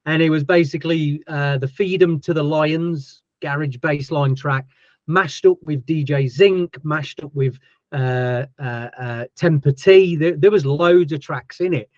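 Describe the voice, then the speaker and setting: A man's voice: fairly high pitch, measured pace, darkish tone, no room sound, highs cut off. A man with a Yorkshire accent hosting a casual interview podcast, chatty and jokey with his guests. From Yorkshire, England. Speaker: podcast host.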